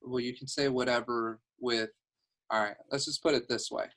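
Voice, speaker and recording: A man's voice: mid-range voice, fairly even intonation, moderate pace, fairly bright tone. A man coaching a sales team on a video call from home, upbeat, laughing easily and restarting his phrases, talking into a headset.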